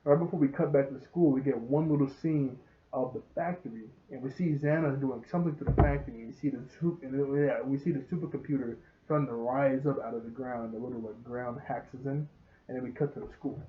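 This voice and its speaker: Excitable man rambling through a show review. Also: medium pitch, fairly quick, a little hiss or hum. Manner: rambling, excitable, laughs often, retells scenes. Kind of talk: casual episode review. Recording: roomy, dull lo-fi sound.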